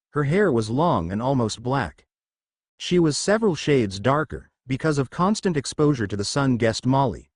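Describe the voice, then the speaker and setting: Dry, lively male story narrator. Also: medium pitch, dry recording. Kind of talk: scripted fan fiction narration.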